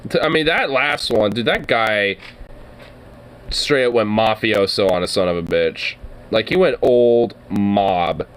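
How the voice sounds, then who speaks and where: A man's voice: fairly low pitch, a little slow, fairly bright tone, clear, resonant tone, poor audio. A young adult man hosting a podcast, talking casually, rambling with lots of fillers, cursing and laughing. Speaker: podcast host. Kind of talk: casual solo commentary.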